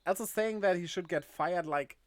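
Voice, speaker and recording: A man's voice: high-pitched, normal speed. A man chatting casually on a game livestream, laughing often and reading chat aloud. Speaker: game streamer.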